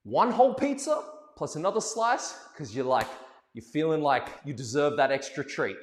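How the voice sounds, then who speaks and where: A man with a fairly high voice runs a playful, animated ballroom dance lesson, cracking jokes and counting the rhythm out loud. His voice bounces around an echoey room with a long, ringing reverb. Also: moderate pace. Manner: playful, animated, joking asides, counting beats aloud.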